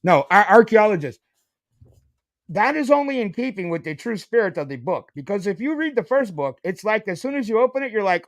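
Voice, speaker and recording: A man guesting on a casual commentary podcast, blunt and emphatic with plenty of swearing. His voice is high for a man. The sound is dry and close. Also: sing-song, brisk, no echo.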